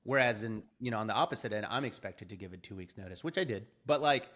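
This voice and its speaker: A young adult man, a podcast guest, telling his story in an animated, casual way and acting out quoted dialogue. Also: lowish voice, fast.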